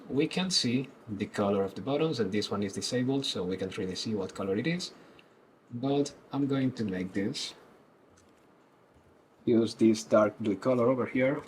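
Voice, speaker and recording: A man presenting a screen-recorded web development tutorial, explaining each step calmly. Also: medium pitch, a little hiss or hum, rough recording.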